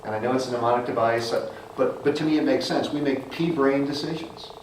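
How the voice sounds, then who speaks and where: A man's voice: mid-range voice, fairly quick. Middle-aged man giving an echoey club speech. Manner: animated storyteller who acts out voices in anecdotes. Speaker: Toastmasters club speaker. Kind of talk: prepared storytelling speech. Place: meeting room. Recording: echoey room, distant mic, noisy.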